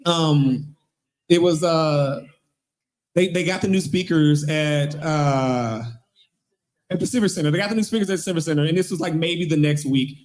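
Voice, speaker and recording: A man's voice: fairly high pitch, moderate pace, a little mellow. A man telling a rambling, laughing story as part of a live roast at an open mic, swearing freely. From not from Wyoming. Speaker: podcast co-host roasting a guest.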